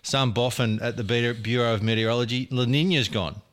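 A man's voice: mid-range voice, fairly even intonation, brisk, fairly bright tone. A middle-aged Australian man co-hosting a casual chat, telling stories with laughs and banter. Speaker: podcast co-host.

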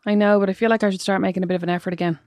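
A woman's voice: mid-range voice, very fast, no room sound, clean studio sound. A woman in her late thirties with an Irish accent, co-hosting a podcast in casual, self-mocking chat. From Ireland. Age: late 30s. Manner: animated, laughing, self-mocking storyteller. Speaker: podcast co-host.

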